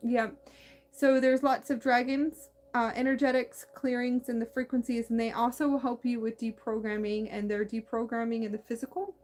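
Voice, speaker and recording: A woman hosting a spiritual talk, speaking in a meandering, halting way with many restarts and a slight lisp. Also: fairly high pitch, a little mellow. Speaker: spiritual channel host. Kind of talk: casual spiritual monologue.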